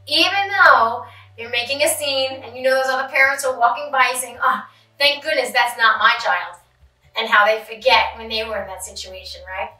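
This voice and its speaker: A woman, a behavior specialist and parent, hosting a podcast and calmly explaining parenting strategies. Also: on the high side, far from the mic. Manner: calm, explanatory, acts out example dialogue. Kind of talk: advice talk for parents. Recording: roomy sound from off-mic with faint music.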